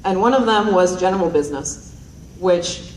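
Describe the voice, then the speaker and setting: A woman's voice: on the low side, lively intonation, moderate pace, darkish tone, slight background noise. A young woman telling rambling, self-deprecating stand-up stories on stage into a handheld mic, with lots of ums and giggles. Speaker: stand-up comedian. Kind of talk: stand-up storytelling. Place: stage at a performance night. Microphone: handheld stage microphone. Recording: roomy hall mic heard from a distance.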